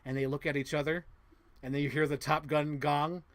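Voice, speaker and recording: A man hosting a podcast, excitedly retelling a movie plot to his co-host, swearing often and humming sound effects. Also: on the high side, brisk, no room sound. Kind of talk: animated movie recap to a co-host.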